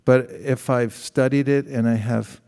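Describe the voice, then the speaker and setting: A man's voice: medium pitch, fairly even intonation, measured pace, warm tone, clear, resonant tone. A middle-aged man giving a conversational sermon, asking the audience questions and acting out quoted exchanges. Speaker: spiritual teacher.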